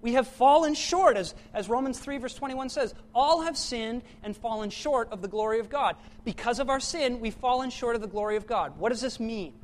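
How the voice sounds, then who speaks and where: A man's voice: very high-pitched, moderate pace, hardly any pauses. A man preaching a sermon in an earnest way, often repeating words and correcting himself as he goes.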